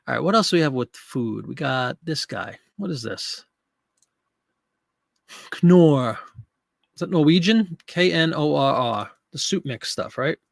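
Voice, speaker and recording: A man's voice: a little high, expressive, moderate pace, gravelly, fairly bright tone, dry recording, clean studio sound. A man in his fifties hosting a live listing stream, chatting casually, joking and talking to viewers in chat.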